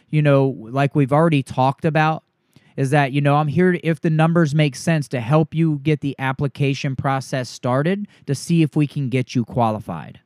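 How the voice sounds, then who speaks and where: A man working as a sales coach, walking through a sales script line by line and acting out the pitch he gives a homeowner. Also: a little mellow, dry recording, studio quality.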